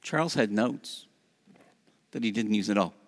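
A man leading a church service, speaking haltingly with fillers before reciting the creed. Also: lowish voice. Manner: halting with many fillers, then steady recitation. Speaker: worship leader. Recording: reverberant church hall.

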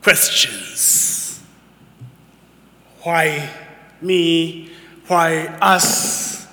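A man in his fifties preaching a sermon as a guest preacher, excitable and emphatic with folksy asides to the congregation, in a church. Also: on the high side, unhurried. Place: church sanctuary. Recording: long church hall reverb.

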